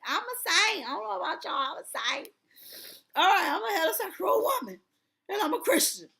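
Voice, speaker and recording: A woman's voice: very high voice, sing-song, a little fast, gravelly, bright, forceful tone. A woman host reading court documents aloud, breaking off often to laugh and exclaim. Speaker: commentary channel host.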